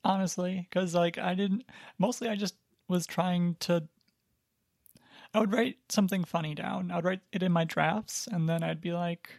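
Gravelly-voiced, rambling podcast co-host. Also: medium pitch, steady tone, normal speed, darkish tone, no room sound, studio quality. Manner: rambling, hedging, filler-heavy. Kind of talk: casual chat.

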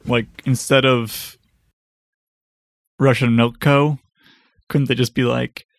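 A man co-hosting a casual chat, joking and sarcastic with quick quips. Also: medium pitch, little pitch movement, creaky, no room sound, studio quality. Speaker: podcast co-host.

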